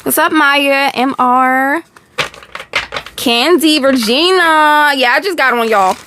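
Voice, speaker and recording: Texan woman, young, high voice, slangy live tarot reader, faint hiss behind. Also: slow. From Texas. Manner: chatty, slangy, talks to chat, laughs often. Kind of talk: casual livestream tarot reading.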